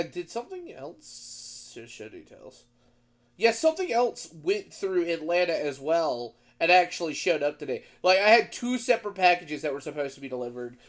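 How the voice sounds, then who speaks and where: A man in casual group chat on a voice call, talking in quick animated bursts. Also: on the high side. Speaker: stream co-host.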